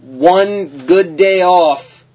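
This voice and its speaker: A man's voice: sits high, extremely slow, a little mellow, highs cut off. A man chatting casually with friends on a podcast. He is laid-back, swears freely and tells gaming stories. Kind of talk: casual chat among friends.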